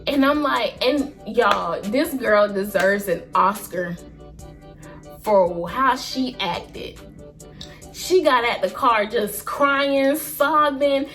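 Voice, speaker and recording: A woman in her early twenties tells a personal story to her vlog audience in an animated, expressive, slangy way. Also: on the high side, slow, soft background music. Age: early 20s. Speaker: vlogger.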